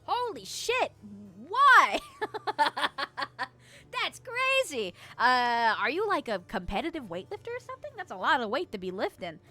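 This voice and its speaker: Young woman streamer; upbeat, giggly chat host with a fairly high, playful voice. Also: wildly swooping pitch, a little slow, bright, forceful tone, soft background music. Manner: bubbly, giggly, playful squeals. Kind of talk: casual livestream chat.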